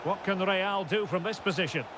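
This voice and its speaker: A man giving prerecorded play-by-play commentary for a football video game, calling out players crisply and lifting his voice on chances and goals. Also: sits high, moderate pace. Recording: game audio over loud stadium noise.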